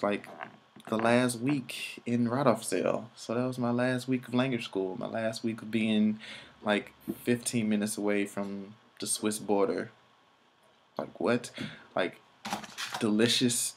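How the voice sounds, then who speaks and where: Young male vlogger, lowish voice, rambling and casual, swears freely. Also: a little hiss or hum. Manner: rambling, loose, profane, filler-heavy. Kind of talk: casual travel vlog narration.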